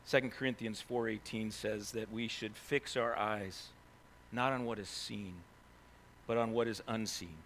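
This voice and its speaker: A man preaching a sermon, telling stories in an animated way with many asides to the listeners. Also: on the low side, a little hiss or hum. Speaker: pastor.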